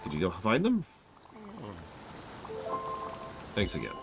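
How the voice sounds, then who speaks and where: A man's voice: deep voice, huge pitch swings, fast, creaky, music in the background, exaggerated voice. Man reading a wry, teasing hospital worker. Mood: offhand.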